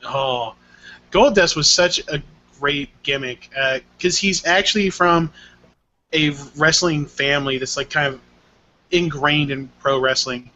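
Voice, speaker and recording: A man's voice: a little high, unhurried, bright, forceful tone. A man co-hosting a casual podcast chat, explaining things at length in a knowledgeable way. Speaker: podcast co-host. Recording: dull lo-fi podcast audio.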